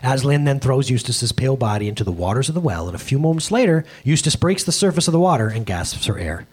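A man in his thirties preaches in a casual, conversational way, stopping to restart phrases and check that listeners follow. His voice is husky and a touch breathy. His pitch swings widely as he talks. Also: fast talker. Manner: conversational preaching, lively pitch, frequent restarts and rhetorical questions. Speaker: pastor. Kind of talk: sermon.

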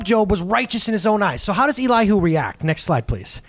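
High, animated male preacher. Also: normal speed, gravelly. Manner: casual, animated, acts out quotes. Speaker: pastor. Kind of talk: sermon.

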